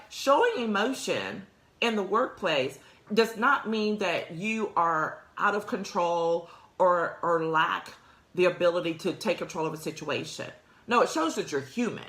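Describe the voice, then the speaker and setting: In an echoey room, a woman with a mid-range, slightly bright voice hosts a career talk show. Her motivational talk is conversational, aimed directly at listeners, and full of laughter.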